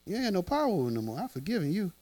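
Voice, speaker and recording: A man's voice: high voice, rapid-fire, dry recording. A man, a pastor, preaching a conversational sermon and acting out little scenes in other voices. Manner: animated, conversational, acts out voices.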